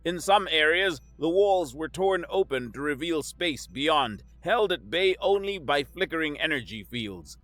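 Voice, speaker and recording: Brief: male audiobook narrator, bright and forceful, dry close sound, soft music under it. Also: on the high side, lively intonation, a little slow, few pauses, dry recording. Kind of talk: scripted sci-fi narration.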